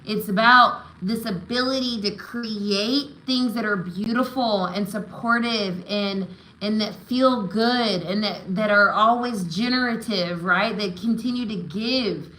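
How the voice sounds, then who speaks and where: A woman's voice: medium pitch, a little slow, hardly any pauses, sharp tone, reverberant, rough recording. A woman giving live tarot and oracle readings, affirming and encouraging, often checking in with "right?" and "okay?". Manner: emotional, spiritual encouragement. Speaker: tarot reader.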